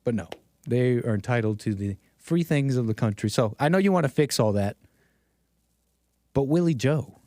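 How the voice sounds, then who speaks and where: A man's voice: mid-range voice, lively intonation, normal speed, long pauses, dark tone, no echo, studio quality. A man hosting a political commentary livestream, talking sarcastically to his chat and chuckling often. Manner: talks straight to chat. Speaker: livestream host.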